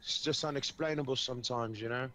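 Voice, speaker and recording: A man's voice: medium pitch, quick pace, a bit bright, a little hiss or hum, natural voice. A man voicing a cocky, foul-mouthed British man in a put-on British accent, swaggering and profane during a game.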